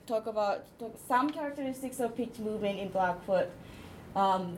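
A woman linguist giving an academic presentation, explaining her slides step by step with frequent pauses and hesitations. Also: medium pitch, a little mellow, a little hiss or hum, rough recording.

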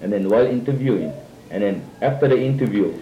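A man with a Hawaiian Pidgin accent telling stories casually among friends, animated and full of fillers, acting out quoted speech. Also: on the low side, fast, slight background noise. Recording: roomy, dull lo-fi recording.

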